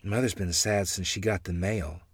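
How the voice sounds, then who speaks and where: A man voicing an anxious young farm girl who speaks in a hushed, worried way in a storybook reading. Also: low-pitched, steady tone, moderate pace, breathy edge, no echo.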